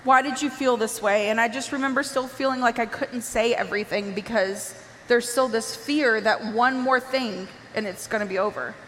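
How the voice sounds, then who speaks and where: High-voiced woman giving an impassioned testimony. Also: moderate pace, in a large hall, slight background noise. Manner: impassioned, rising to near shouts and tearful pleading. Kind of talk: emotional personal testimony.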